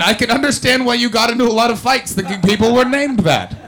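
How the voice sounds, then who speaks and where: A man's voice: very high-pitched, fast, few pauses. A man doing stand-up crowd work on a comedy club stage. He is brash and profane, and he teases audience members. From not from the UK.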